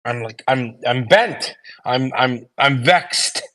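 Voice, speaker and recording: A man's voice: medium pitch, slow pace, bright, forceful tone. A man in a heated live audio debate, ranting angrily and hurling insults at his opponent. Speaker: debate participant.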